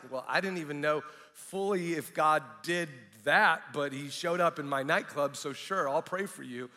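A middle-aged male pastor gives a sermon, telling his story in a candid, animated way and often restarting his sentences. His voice sits a bit high and sounds bright and forceful. The sound carries a long reverb from a large hall. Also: normal speed, hardly any pauses. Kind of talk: sermon with personal testimony.

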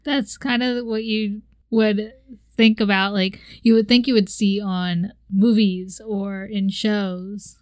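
A woman's voice: medium pitch, flat delivery, slow pace, dry recording. A young woman co-hosting a casual chat, telling a story animatedly and acting out her own reactions with laughs. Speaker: podcast co-host.

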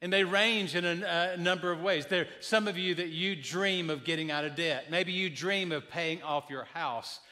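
Male pastor, 50s, folksy humorous storyteller with a bright, slightly high voice. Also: moderate pace, hardly any pauses. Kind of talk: sermon.

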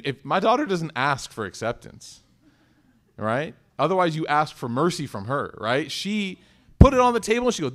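A man in his thirties giving a conversational sermon as an Islamic teacher, asking the audience questions and acting out little dialogues in other voices. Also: mid-range voice.

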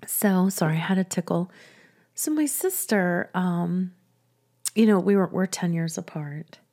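A woman telling a personal story in a chatty, soft-spoken way, often laughing between sentences. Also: lowish voice, a little slow. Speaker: business coach and podcast host.

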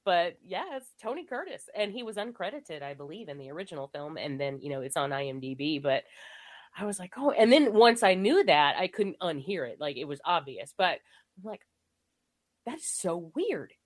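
A woman's voice: on the low side, sing-song, brisk. A woman co-hosting a casual movie podcast, rambling with lots of fillers and frequent laughter. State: recovering from illness. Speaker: podcast co-host.

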